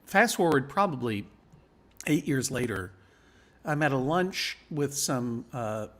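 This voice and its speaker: Male guest, mid-pitched, wry and rambling anecdotal delivery. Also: lively intonation, slow pace. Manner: wry, rambling storyteller with frequent laughs. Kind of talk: casual live chat.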